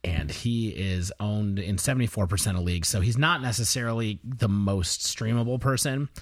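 A man's voice: lowish voice, moderate pace, dry recording, clean studio sound. A man co-hosting a fantasy football podcast, joking and bantering in casual chat. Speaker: podcast co-host.

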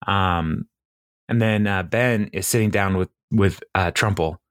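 A man's voice: deep voice, unhurried, smooth, no echo, clean studio sound. A man hosting a podcast, casually recapping a TV episode in a rambling way, stopping often to act out lines and laugh. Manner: rambling, lots of fillers and laughs, acts out quotes. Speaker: podcast host.

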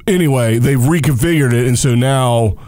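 A man co-hosting a casual tennis talk show, who is also a coach, animated and jokey, firing off emphatic rhetorical questions. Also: mid-range voice, normal speed, no echo. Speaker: tennis podcast co-host. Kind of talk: casual sports chat.

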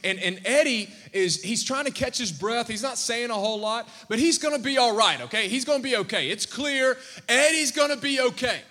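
A man preaching to his congregation, telling a story with animated energy and calling questions out to the crowd. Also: extremely high pitch, a little fast, hardly any pauses. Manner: animated, calls out questions to the audience. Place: church sanctuary. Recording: long church-hall reverb.

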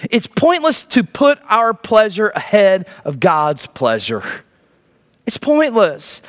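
A man in his thirties preaching a sermon as pastor, firing rhetorical questions and dropping to low, emphatic lines. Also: big pitch swings, a little slow, fairly bright tone.

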